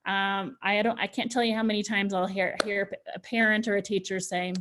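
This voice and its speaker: A woman's voice: mid-range voice, little pitch movement, a little fast, a bit bright, a little hiss or hum. A woman presenting a parenting workshop in a loose, chatty way, with lots of "you know" and restarts. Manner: chatty, full of fillers and restarts. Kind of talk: informal talk to parents.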